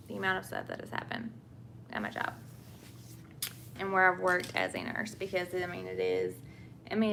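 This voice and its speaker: Chatty woman with a gravelly Southern accent. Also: on the low side, a bit bright, slight background noise. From England. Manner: chatty, answers viewer questions, many fillers and restarts. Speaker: nurse and vlogger. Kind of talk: casual chat while doing makeup.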